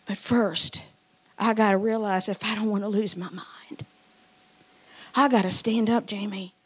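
A woman in her sixties preaching a sermon in church, moving from loud emphatic lines to hushed, whispered ones. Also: medium pitch, fairly even intonation, a little slow, slightly rough. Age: 60s.

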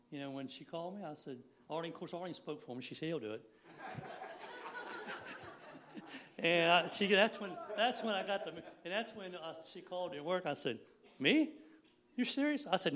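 A man in his sixties speaks at a church gathering in a folksy, rambling way. His voice sits a little high for a man, and he laughs easily between thoughts. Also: fairly bright tone. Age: 60s. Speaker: lay preacher. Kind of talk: informal church sermon.

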